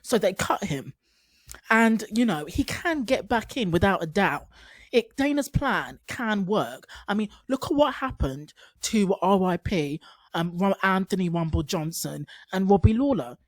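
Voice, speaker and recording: A woman's voice: medium pitch, expressive, measured pace, no room sound. A woman giving casual commentary as a YouTube commentator, chatty with sarcastic asides.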